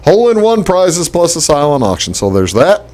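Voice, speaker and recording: A man's voice: a little high, big pitch swings, normal speed, a little mellow. Chatty rambling male talk show host. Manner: chatty, rambling with many fillers and restarts. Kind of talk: casual local talk show.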